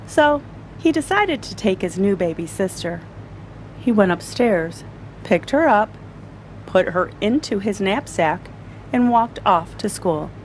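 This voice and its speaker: Slow, sing-song woman storyteller. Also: mid-range voice, animated, slight background noise, rough recording. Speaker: storyteller reading to adults. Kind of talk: picture-book read-aloud.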